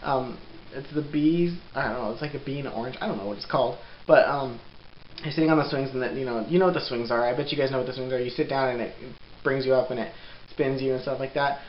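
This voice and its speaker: A young man vlogging at home in a casual, rambling way, laughing often and filling pauses with ums. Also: mid-range voice. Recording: roomy, dull lo-fi sound with faint hiss.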